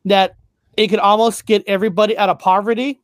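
A man's voice: high-pitched, little pitch movement, fast, no echo, studio quality. A man co-hosting a casual chat, reading passages aloud, stumbling over words and swearing offhand.

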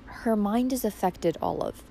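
Woman reading: solemn older aunt, quiet and grave. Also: medium pitch, expressive, normal speed, a little hiss or hum, natural voice. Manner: solemn and hushed. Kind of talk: audiobook character reading.

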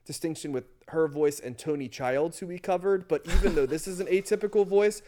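This man co-hosts a podcast and chats casually about music, thinking aloud with lots of fillers. He's from the US Northeast, near New York and Philadelphia, and his dark-toned voice sits on the high side and moves fairly quickly.

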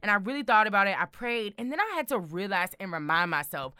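A young woman chatting casually to her viewers, bold and excitable, repeating words for emphasis. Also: medium pitch, quick pace, smooth, dry recording, clean studio sound. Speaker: vlogger.

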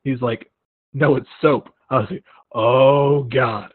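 A young man hosting a casual chat, telling animated stories and acting out what people said. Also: medium pitch, unhurried, dry recording. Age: young adult. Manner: animated storytelling with acted-out quotes. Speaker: podcast host. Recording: tinny phone-like line, dry.

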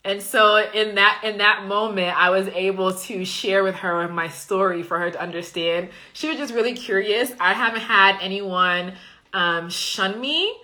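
Bright-voiced woman chatting with viewers. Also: medium pitch, a little slow. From Liberia. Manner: chatty, emphatic, often says "okay?". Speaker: coach and live-stream host. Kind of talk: casual live chat answering viewer comments.

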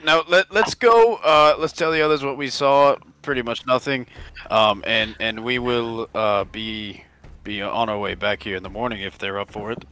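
A man's voice: mid-range voice, fairly even intonation, normal speed, sharp tone, clean tone. A man playing a tabletop game, reasoning aloud hesitantly with many fillers and restarts. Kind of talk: in-character tabletop role-play.

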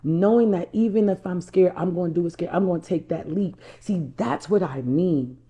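This New Jersey woman, a life coach, speaks at a moderate pace in a low, mellow voice as she shares a personal story directly with viewers. She hammers her points home, circles back over her words and calls her audience y'all.

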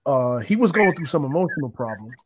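A man's voice: mid-range voice, big pitch swings, fairly quick, a little hiss or hum, poor audio. A man as an interview guest, telling his own story in a casual, reflective way and often restarting his sentences. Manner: reflective, meandering, with frequent restarts.

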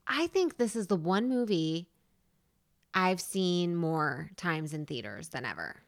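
A woman's voice: lowish voice, very animated, unhurried. Emphatic woman bantering on a podcast. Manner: emphatic, playfully defensive banter. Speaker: podcast co-host. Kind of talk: casual chat.

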